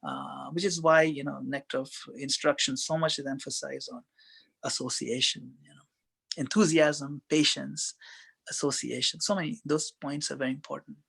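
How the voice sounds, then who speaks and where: A man giving a conversational spiritual talk as a guest speaker, telling stories in a relaxed way with many fillers. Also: medium pitch, normal speed, creaky, slightly rough.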